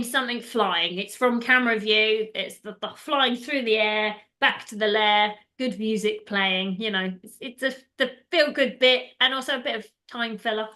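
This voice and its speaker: Woman rambling through a movie recap, bright higher voice, laughs a lot. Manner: chatty, laughs often, acts out quotes. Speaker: podcast host. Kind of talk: casual chat retelling a film.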